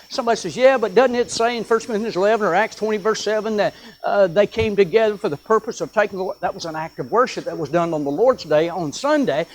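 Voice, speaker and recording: A preacher with a notably high voice delivers a sermon to his congregation. He swings between pressing, emphatic points and quieter asides, and slows right down whenever he reads from scripture. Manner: earnest, rising and falling with emphasis, reads scripture slowly. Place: church sanctuary.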